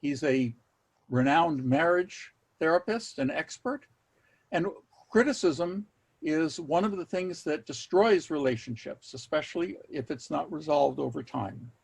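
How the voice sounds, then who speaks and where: Male workshop presenter on a video call, slightly raised pitch, a bit raspy, measured delivery with dry humor. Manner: measured, wry asides, repeats key words for emphasis. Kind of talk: online workshop talk.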